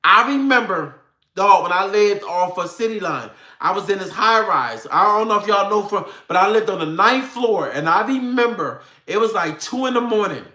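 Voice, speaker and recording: Man doing a fired-up, profane rant straight to his viewers. Bright, edgy voice in a roomy, echoey space. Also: high-pitched, moderate pace. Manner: animated, profane, slangy, addresses viewers directly. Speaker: online commentator. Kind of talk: ranting talk to viewers. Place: home room with a computer. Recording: roomy echo.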